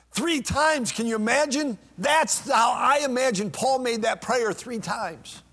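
Impassioned older male preacher, gravelly. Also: very high voice, measured pace, few pauses, long reverb tail. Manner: impassioned, rising to shouts then dropping to near whispers. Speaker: pastor. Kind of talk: sermon.

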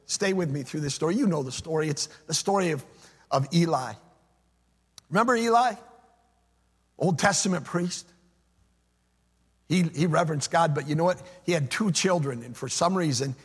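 A pastor preaches a sermon in a high, slightly bright voice with a breathy edge. He leans on repeated phrases and rises into a sing-song preaching cadence, his words carrying the long reverb of a large hall.

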